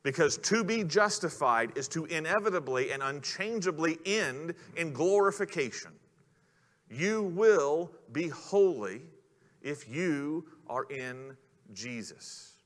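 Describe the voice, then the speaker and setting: A man's voice: on the high side, expressive, slow pace, fairly bright tone. A man preaching a sermon in an earnest way, putting questions to the congregation. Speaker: pastor. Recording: long hall reverb.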